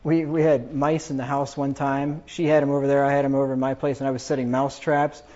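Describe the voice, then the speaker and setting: A man's voice: medium pitch, little pitch movement, fast talker, a little mellow. A man casually telling rambling family anecdotes, chuckling as he goes. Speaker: storyteller. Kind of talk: casual personal storytelling. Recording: dull lo-fi recording.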